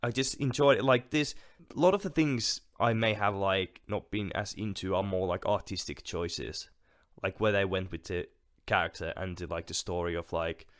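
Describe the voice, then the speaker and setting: A low-voiced podcast co-host talks films casually at a normal speed, hesitating often with plenty of fillers and restarts. The studio sound is clean, with no room sound.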